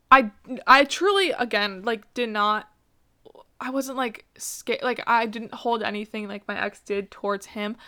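A woman's voice: a little high, pushed and bright, smooth. A young woman hosting her own podcast, talking about relationships in a rambling, emotional way with lots of fillers and swearing, tearful at times. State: tearful, crying. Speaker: podcast host. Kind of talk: casual personal podcast monologue.

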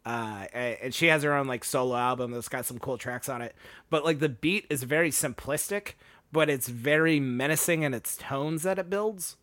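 A young man co-hosting a casual podcast, rambling and animated as he describes songs. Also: moderate pace, no echo. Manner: rambling, animated, acts out lyrics in a high voice. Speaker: podcast co-host. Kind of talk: casual chat.

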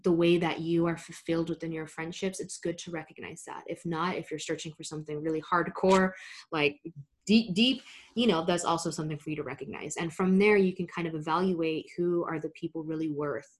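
A young woman with a slightly low voice co-hosts a casual chat podcast. She talks in a relaxed, easygoing way, full of "um"s and little laughs. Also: fairly quick. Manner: relaxed, many fillers and soft laughs. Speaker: podcast co-host.

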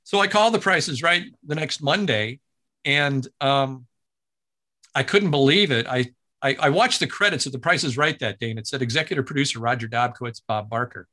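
A man who works as a broadcaster, telling a story in an interview in an animated way, with frequent restarts and acted-out quotes. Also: fairly high pitch, moderate pace.

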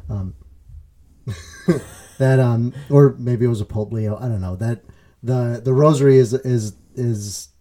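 A man's voice: medium pitch, slow pace, pauses often, mellow. A man co-hosting a casual faith podcast, rambling with fillers and restarts and laughing easily. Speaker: podcast co-host. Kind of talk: casual chat.

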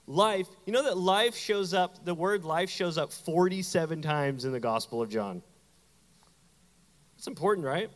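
A middle-aged man, a pastor, giving a lively, conversational sermon with playful asides to his congregation. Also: sits high, in a large hall. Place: church sanctuary.

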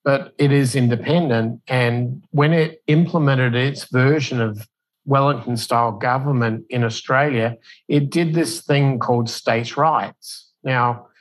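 A man talking casually as an interview guest, spinning a long explanation like a story. He stumbles and restarts now and then, and jumps his voice up high when he acts out what others said. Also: a little slow, rough recording. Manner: animated storyteller who acts out quotes in a raised voice; loose delivery with fillers and restarts.

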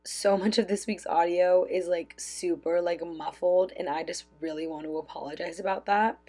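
A young woman hosting her own podcast in a bubbly, loud, chatty way, full of "like" fillers, talking into a phone with a clip-on mic as if sending a voice memo. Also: fairly low pitch, steady tone, normal speed, faint music behind. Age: young adult. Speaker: podcast host. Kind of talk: casual chat, like a voice memo. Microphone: phone with clip-on lav mic.

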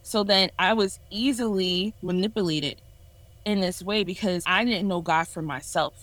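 A woman's voice: on the low side, normal speed, a bit bright, no echo, poor audio. A woman in her twenties sharing a candid personal testimony on a podcast in an earnest, self-reflective way. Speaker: ministry leader sharing a testimony.

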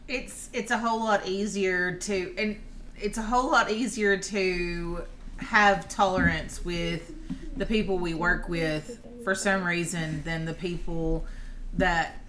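Low-voiced woman chatting casually. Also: fairly even intonation, slow pace, a bit bright. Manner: rambling, conversational storytelling with restarts. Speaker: podcast co-host. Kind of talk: casual chat. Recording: background noise.

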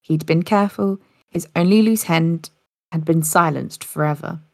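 A woman's voice: on the low side, normal speed, creaky, a little mellow, no echo, clean studio sound. A woman narrating a story in a casual podcast style, with occasional slips and restarts.

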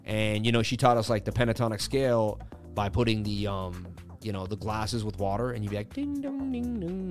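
A man hosting a live crypto chart stream, chatting casually and joking with viewers in slangy speech. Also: lowish voice. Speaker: crypto chart analysis livestream host. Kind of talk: casual live market commentary.

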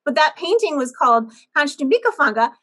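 A woman guest in a casual interview chat, telling animated stories and laughing a lot. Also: high voice, brisk. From Pennsylvania, USA. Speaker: guest, painter.

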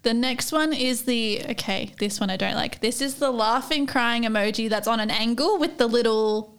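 A woman's voice: on the high side, moderate pace, fairly bright tone, smooth. A young Australian woman co-hosting a casual chat, chatty and giggly with lots of filler words. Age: young adult. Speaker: podcast co-host.

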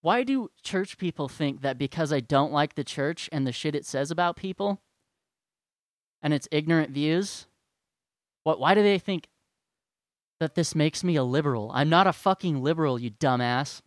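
A man's voice: fairly high pitch, normal speed, dry recording. A man ranting to his followers in a sarcastic, profane and rambling way. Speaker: vlogger. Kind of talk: profane rant to camera.

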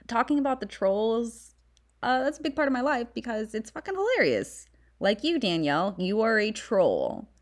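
A woman's voice: fairly high pitch, very animated, normal speed. A young woman from the San Fernando Valley with a Valley Girl accent, hosting a podcast in casual, candid, profane chat. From San Fernando Valley, California. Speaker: podcast host.

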